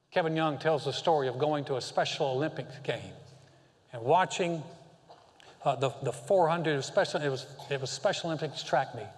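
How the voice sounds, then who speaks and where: A male senior pastor preaching a sermon, impassioned, moving between loud exhortation and hushed tender passages. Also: medium pitch. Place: church sanctuary. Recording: long hall reverb.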